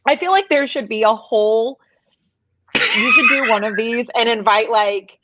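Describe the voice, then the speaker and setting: A woman host chatting casually, playful and quick with asides. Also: on the high side, sing-song, sharp tone, dry recording, low-quality recording. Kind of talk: casual chat.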